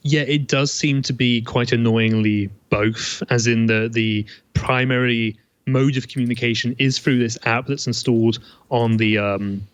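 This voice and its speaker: A man's voice: medium pitch, steady tone, a little slow, smooth, no room sound. A man being interviewed as a journalist from a remote line, explaining things fluently. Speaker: guest journalist.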